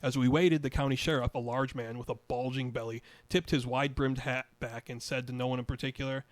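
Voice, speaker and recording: A man's voice: medium pitch, steady tone, fairly quick, hardly any pauses. An older man in his eighties reading his own memoir story aloud, wry, chuckling now and then. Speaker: podcast storyteller.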